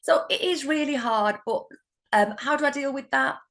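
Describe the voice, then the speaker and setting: A middle-aged woman with a British accent, a solicitor telling stories in an interview, animated and laughing often. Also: sits high, normal speed. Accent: British English. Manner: warm, animated storytelling with laughs. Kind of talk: conversational interview.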